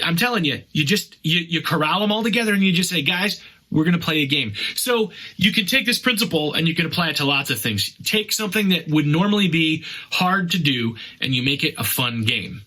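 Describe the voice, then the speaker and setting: A man's voice: fairly high pitch, bright, forceful tone, rough recording. A middle-aged man hosting a podcast, giving casual, chatty parenting advice in an upbeat way. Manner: upbeat, chatty, acts out scenes with whispers and cries. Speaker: podcast host.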